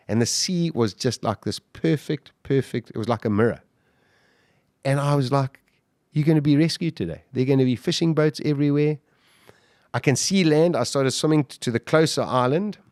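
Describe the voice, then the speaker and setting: A man's voice: medium pitch, dry recording, clean studio sound. Man vividly retelling a survival ordeal. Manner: vivid, animated retelling with restarts. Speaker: guest. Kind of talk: interview storytelling.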